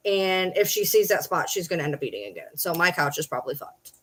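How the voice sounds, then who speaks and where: Casting note: woman with a slightly low voice, exasperated home vlogger venting to camera, swears a lot, repeats lines. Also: expressive, quick pace, fairly bright tone. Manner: frustrated, swearing, repeats herself. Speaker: vlogger and livestreamer. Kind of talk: casual rant to camera.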